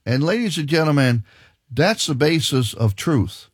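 A man preaching a sermon and reading from the Bible, halting and emphatic, often repeating his words. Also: fairly high pitch, lively intonation, breathy edge, no echo, studio quality.

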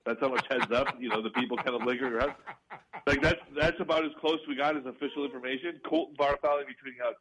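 A man's voice: mid-range voice, steady tone, fast, a crowd in the background, rough recording. A young man co-hosting sports talk radio, rambling casually with fillers and laughs. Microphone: studio radio mic.

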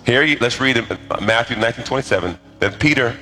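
A man's voice: medium pitch, quick pace, hardly any pauses, soft background music. A middle-aged man preaching a sermon, telling stories with animation and calling on the congregation to answer back. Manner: animated storytelling with call-and-response to the congregation. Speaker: pastor.

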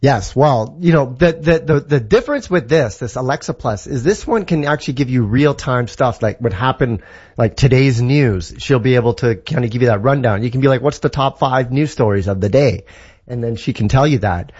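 A man's voice: medium pitch, normal speed, darkish tone, breathy edge, lo-fi sound. A man from Canada explaining tech in a casual, enthusiastic, rambling way, with lots of fillers and restarts. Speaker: tech guest. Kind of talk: casual tech talk segment.

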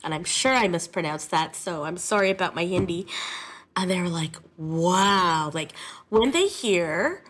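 A woman music teacher talking in a casual interview, chatty and animated, getting emotional about her students. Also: lowish voice, moderate pace, husky.

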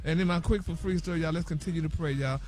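A man's voice: a little high, fast, darkish tone. A man delivering flamboyant celebrity gossip on a morning radio show, sassy and full of "honey" and "y'all". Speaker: entertainment news reporter on a morning radio show.

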